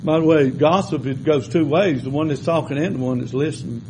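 A man preaching a sermon in a folksy storytelling way, shifting between loud exhortation and quiet asides. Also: fairly high pitch, a little fast, slight background noise, poor audio.

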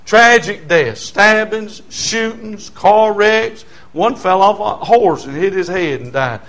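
Man, 60s, Southern American accent, high-pitched voice, testimony sermon, animated, quiet storytelling rising to near shouts. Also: takes it slowly. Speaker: preacher giving his testimony.

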